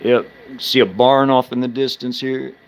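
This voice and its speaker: A man in his thirties chatting casually with viewers on a live stream, halting, with many restarts, fillers, and speech that slurs when he talks fast. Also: medium pitch, fairly even intonation, clean tone.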